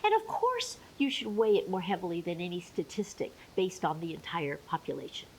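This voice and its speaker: A woman educator giving an emphatic, clear talk on menopause with playful asides. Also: fairly low pitch, wildly swooping pitch, brisk, a little hiss or hum, poor audio.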